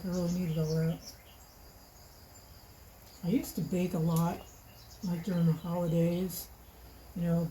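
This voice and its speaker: A woman's voice: fairly low pitch, mellow, a little hiss or hum, low-quality recording. A retired woman in her sixties chatting casually through a home cooking vlog in her kitchen. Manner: chatty, homey, talks while eating. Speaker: vlogger.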